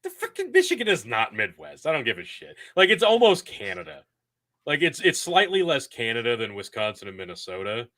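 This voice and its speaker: A man's voice: medium pitch, wildly swooping pitch, fairly quick, fairly bright tone. A man co-hosting a casual panel chat, arguing stubbornly and swearing freely. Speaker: co-host.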